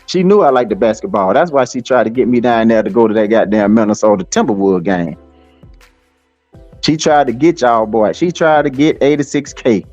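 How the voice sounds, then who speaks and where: A man's voice: mid-range voice, moderate pace, a little mellow, no echo, soft background music. A man, ranting and taunting on a live stream, swearing heavily and rambling with lots of fillers. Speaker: livestream host. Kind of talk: profane live-stream rant. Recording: slightly dull lo-fi stream audio.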